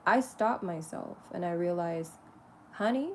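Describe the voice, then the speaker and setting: A spiritual vlogger talks casually and candidly to the camera, swearing freely, laughing often, and lovingly speaking to herself in soft asides. Her voice is on the low side, steady, at normal speed with vocal fry, over slight background noise.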